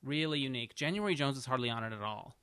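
Guy co-host chatting fast, bright crisp voice, dry sound. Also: medium pitch, expressive, no echo. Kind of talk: casual chat.

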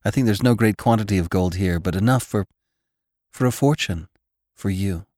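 A man's voice: on the low side, normal speed, a little mellow, no echo, studio quality, close to an everyday voice. A man voicing a shy, devoted young frontier woman who speaks earnestly and hesitantly. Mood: eager.

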